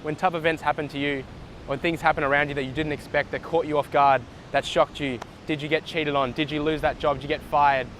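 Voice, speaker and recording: Man, motivational vlogger, earnest, encouraging, outdoors, faint traffic rumble. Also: level tone, brisk, a bit bright, low-quality recording. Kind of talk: motivational storytelling. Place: outdoors in the sun near water.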